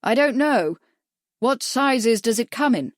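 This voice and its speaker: A woman voicing a polite, slightly awkward gentleman who speaks loudly and distinctly, as if to a deaf man. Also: on the high side, expressive, slow pace, no echo, clean studio sound, pitched above the performer's own voice. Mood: earnest.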